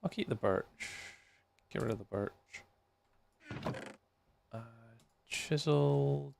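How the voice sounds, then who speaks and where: A man talks to his viewers during a live gameplay stream, his voice heavily gravelly. He chats casually between tasks. A faint hiss sits under the recording. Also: on the low side, big pitch swings, slow pace. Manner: chatty, talks to viewers while playing. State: tired, yawning.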